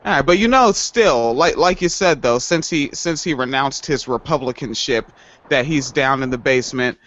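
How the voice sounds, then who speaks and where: A man's voice: mid-range voice, normal speed, fairly bright tone, muffled recording. A man co-hosting a casual podcast chat, joking loosely, swearing and mimicking other people. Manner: joking, profane, mimics voices. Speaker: podcast co-host.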